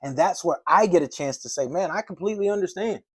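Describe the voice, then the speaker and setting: A man's voice: high voice, animated, quick pace, slightly rough, no room sound. A man giving door-to-door sales training in a casual, slangy way, acting out doorstep chats. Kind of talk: animated sales training talk.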